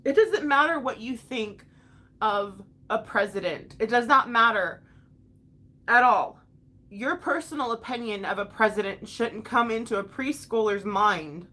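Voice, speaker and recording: Emotional young woman venting, animated pitch. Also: unhurried. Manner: emotional, frank, swears often, restarts sentences. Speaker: vlogger and mother. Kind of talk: casual venting to a live chat.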